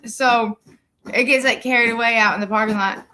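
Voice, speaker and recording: A young woman with a bright, forceful voice, chatting casually on a couple's livestream. She tells stories bluntly and animatedly, swearing freely. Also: on the high side, fairly quick. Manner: blunt, profane, animated storytelling. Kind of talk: casual chat.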